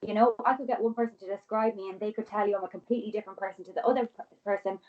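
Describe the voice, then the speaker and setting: A woman in her twenties, a podcast guest, talking quickly and earnestly in casual conversation with many restarts. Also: medium pitch, fairly even intonation, narrow, tinny audio. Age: 20s.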